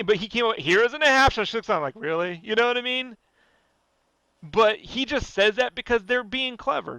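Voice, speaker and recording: A man ranting casually and profanely on a podcast, animated and fired up. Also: high-pitched, gravelly, dry recording. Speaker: podcast guest.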